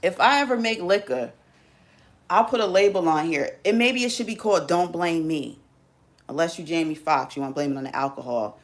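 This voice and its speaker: A woman with a slightly lower voice hosts a live stream. She talks straight to her viewers in a loose, casual monologue. Her manner is sassy, teasing and full of slang. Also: fairly quick.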